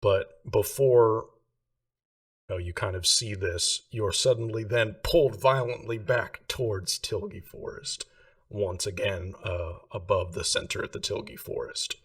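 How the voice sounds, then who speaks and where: Low-voiced guy game mastering, loose rambly narration, sitting back from the mic. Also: measured pace, far from the mic. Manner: loose, filler-heavy narration.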